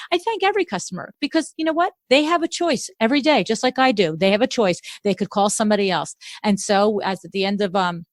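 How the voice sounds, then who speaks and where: A middle-aged woman, a business owner, talking as a podcast guest in an energetic, straightforward way. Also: medium pitch, dry recording. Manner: energetic, straightforward, storytelling with acted-out quotes. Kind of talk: podcast interview conversation.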